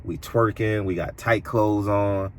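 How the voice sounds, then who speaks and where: A man delivering an opinionated commentary monologue as a boxing commentator, preachy and emphatic, his voice jumping higher when indignant. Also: steady tone, measured pace, slight background noise.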